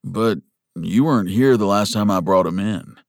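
A man's voice: on the low side, moderate pace, vocal fry, dry recording, studio quality. A man voicing a stern, blunt young deputy in an audiobook. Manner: blunt, sharp.

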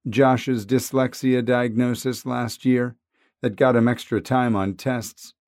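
A man reading a novel aloud in a wry, conversational way. His voice sits at a middle pitch, and the recording is close and dry with no room sound. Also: steady tone, slow pace, darkish tone, no room sound. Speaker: audiobook narrator. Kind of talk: scripted narration.

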